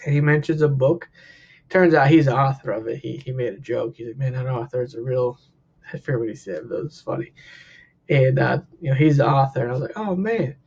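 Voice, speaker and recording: A man tells a personal story in a casual, lively way, leaping up in pitch whenever he acts out the people in it. His voice is a little husky and sits at a middling pitch. The recording sounds dull and lo-fi. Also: quick pace. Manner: animated, acts out quotes with big pitch jumps. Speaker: counselor.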